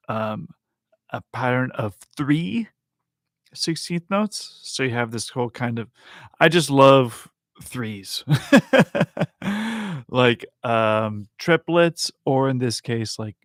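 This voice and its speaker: A man's voice: mid-range voice, lively intonation, slow pace, fairly bright tone, no room sound, studio quality. Chatty man counting out rhythms. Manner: chatty and self-amused, counting rhythms aloud. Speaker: music teacher transcribing a piano piece for bass. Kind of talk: casual live music lesson.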